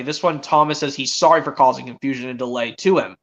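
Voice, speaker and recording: A man's voice: fairly high pitch, quick pace, hardly any pauses, pushed and bright, lo-fi sound. A teenage boy streaming a casual chat, rambling with many restarts as he retells cartoon scenes. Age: teens. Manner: rambling, restarts often, quotes characters.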